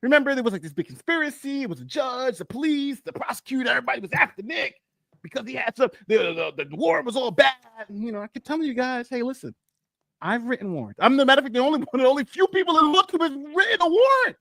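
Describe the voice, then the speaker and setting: A man's voice: extremely high pitch, lively intonation, quick pace, gravelly, fairly bright tone, no echo. A man co-hosting a casual live stream, boastful and rambling, often repeating himself. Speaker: co-host.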